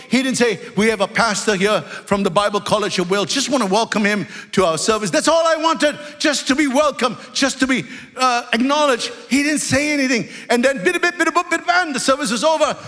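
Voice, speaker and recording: A man with a high voice preaches a sermon, telling his story with animated energy that rises into shouts. The live recording carries a long reverb from a church hall. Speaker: pastor.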